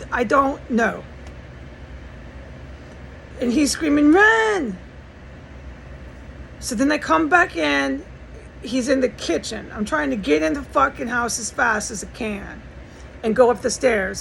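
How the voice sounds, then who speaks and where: An American woman speaks with a slightly raised pitch and a gravelly, fry-laden tone. Her talk is profane and rambling, pressing each point with urgency. Faint traffic noise hums behind her indoor recording. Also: fairly bright tone, low-quality recording. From United States. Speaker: vlogger. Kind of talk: agitated personal monologue. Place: indoors in a house.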